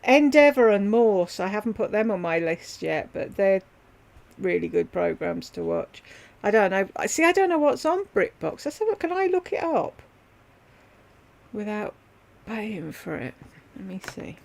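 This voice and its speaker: A woman's voice: mid-range voice, very animated, normal speed, vocal fry, darkish tone. A woman hosting her own livestream from home, chatting loosely with viewers and addressing them by name as she rambles from one thing to the next. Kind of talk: casual livestream chat.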